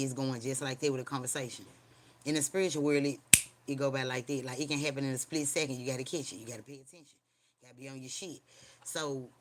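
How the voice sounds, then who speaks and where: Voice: mid-range voice, a little hiss or hum. Rambling slangy livestream host. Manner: rambling, slangy and profane, keeps asking viewers "you hear me?". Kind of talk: casual livestream storytelling and preaching. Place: at home.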